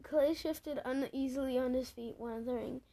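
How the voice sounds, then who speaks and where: Woman reading a dragon book out loud, stumbles a lot, cracks swear-y jokes, higher voice. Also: steady tone, moderate pace. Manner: stumbles and restarts words, swearing jokey asides. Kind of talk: casual read-aloud storytelling.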